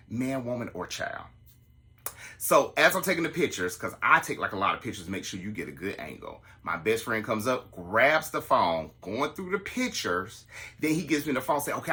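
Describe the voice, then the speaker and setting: A man, telling a story to his listeners in a casual, animated way and acting out the quotes. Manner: animated, acts out the quotes in a higher voice. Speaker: podcast host telling a story.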